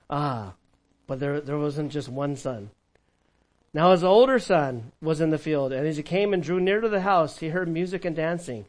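Animated male pastor, slightly high voice. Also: low-quality recording. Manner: animated, conversational preaching with sudden drops to a hush. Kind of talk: sermon.

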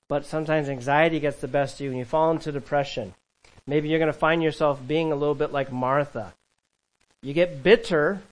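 A man preaching to his church in a fairly high voice. He swings between loud, emphatic calls and quiet, conversational asides, chuckling now and then between points. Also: poor audio. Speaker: pastor. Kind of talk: sermon.

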